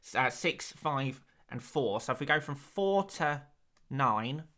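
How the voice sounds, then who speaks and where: Brief: a man playing a mock-formal stats presenter, pompous, bright tone. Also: medium pitch, expressive, slow. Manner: over-precise, mock-formal delivery.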